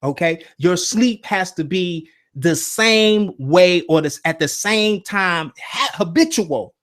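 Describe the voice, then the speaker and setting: Taking his time, a high-pitched male host leads a relaxed talk on spiritual topics. His storytelling is lively, and he keeps tossing in "right?" and "you see?" to check in.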